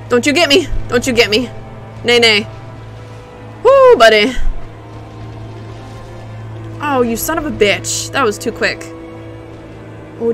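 A woman's voice: medium pitch, fairly bright tone. A woman streamer giving live gameplay commentary, profane and exclaiming, talking back at a boss.

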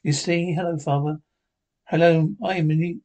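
A man's voice: on the high side, steady tone, normal speed, a little mellow. A man reading out a TV episode script, voicing all the parts himself, often stumbling and restarting words.

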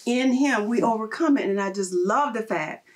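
A woman hosting a faith interview, talking in an animated, emphatic, preacher-like way. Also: a little high, moderate pace. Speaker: host.

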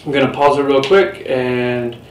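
A medium-pitched man speaking at normal speed teaches a Spanish class, captured off-mic in a roomy recording with faint background hiss. Patient throughout, he goes step by step and asks the class questions.

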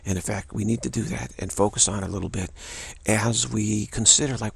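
Male spiritual teacher, lowish pitch, raspy gravelly voice, halting and repetitive delivery. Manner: halting, repeats words and restarts often. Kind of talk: reflective spiritual monologue.

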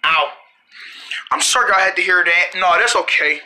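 A cartoon creator voicing every character in a family road-trip cartoon, with frequent shouting and screams. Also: medium pitch, normal speed, slight background noise. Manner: shouting and screaming often, animated. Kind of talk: one-person cartoon dialogue.

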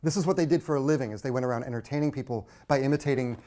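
A man from the United States giving a public lecture on old recordings, talking conversationally with frequent pauses. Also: mid-range voice, warm tone.

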